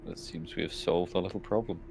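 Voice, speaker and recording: A man's voice: sits low, steady tone, fast. A man playing a tabletop game, making wry, chuckling remarks. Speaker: player. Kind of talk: casual tabletop play. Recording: clear background noise.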